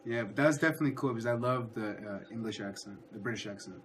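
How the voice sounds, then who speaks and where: A man's voice: mid-range voice, very fast, background noise. Hesitant man hosting a livestream. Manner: hesitant, repeats words and restarts. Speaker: livestream host. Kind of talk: casual chat.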